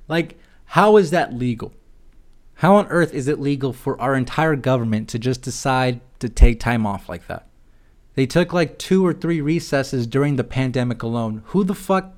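A man's voice: mid-range voice, normal speed. A man hosting a podcast alone, ranting about politics in a heated, sarcastic and profane way. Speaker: podcast host. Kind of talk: solo political rant.

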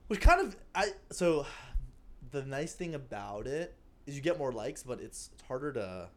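A man's voice: medium pitch, sing-song, moderate pace. A young man co-hosting a podcast in loose, giggly casual chat, swearing freely. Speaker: podcast co-host.

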